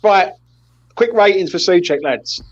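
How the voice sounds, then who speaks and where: A man's voice: high voice, expressive, unhurried, muffled recording. A man hosting a casual post-match chat, blunt and sweary as he leads the player ratings. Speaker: host of a football fan channel.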